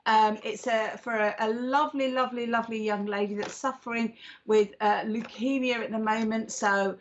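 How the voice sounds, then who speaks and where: A woman's voice: a little high, fairly even intonation, normal speed, a little hiss or hum. A British woman co-hosting a live psychic stream, bubbly and affectionate, greeting viewers with endearments. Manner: bubbly, affectionate, calls people darling. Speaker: psychic co-host. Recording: dull lo-fi stream audio.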